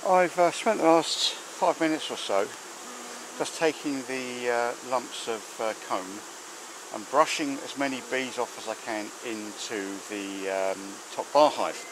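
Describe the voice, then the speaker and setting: Standing outdoors by a beehive, a man who keeps bees offers casual, hands-on commentary that rambles and is packed with fillers. His voice is medium-pitched and measured in pace, filmed on a handheld or mounted camera, with bees audibly buzzing behind him.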